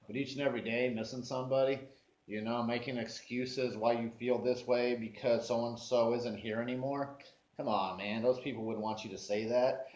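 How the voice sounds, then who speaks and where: A man livestreaming from indoors who talks bluntly and profanely and quickly flares into angry shouting. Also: medium pitch. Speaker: livestreaming vlogger. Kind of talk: casual livestream rant. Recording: echoey room, dull lo-fi sound.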